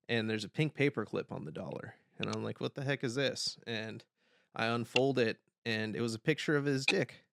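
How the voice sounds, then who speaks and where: A young man hosting a podcast, telling a story in casual chat, animated and swearing, loudly yelling the lines he quotes. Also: medium pitch, creaky, a little hiss or hum. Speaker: podcast host.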